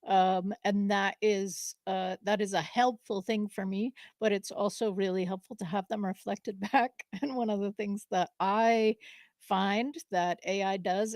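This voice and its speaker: A woman's voice: mid-range voice, steady tone, a little mellow, no echo. A woman from New England chats live as a co-host, stopping and restarting often, with ums and easy laughter. Her voice sits mid-range and sounds dry and close. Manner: halting, many fillers, frequent laughs. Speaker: podcast co-host. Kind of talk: live casual conversation.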